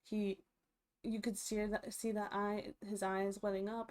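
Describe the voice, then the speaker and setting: A woman's voice: mid-range voice, steady tone, moderate pace, darkish tone. A young woman casually recapping a reality TV episode, chatty and full of fillers and restarts.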